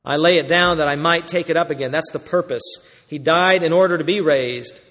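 Pastor, male, high voice, emphatic sermon delivery, long hall reverb. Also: brisk. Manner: emphatic, swings between loud and quiet.

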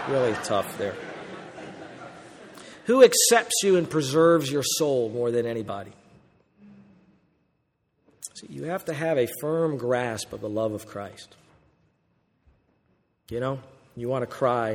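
A medium-pitched pastor preaches a sermon, asking rhetorical questions and acting out quoted voices. He swings lively from loud to hushed, and the long reverb of a church hall surrounds him.

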